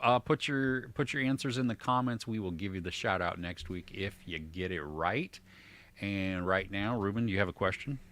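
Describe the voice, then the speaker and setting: A man co-hosting a casual chat about movies and shows, lively and jokey, poking fun at himself. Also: low-pitched, moderate pace. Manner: lively, jokey, self-deprecating. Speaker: podcast co-host.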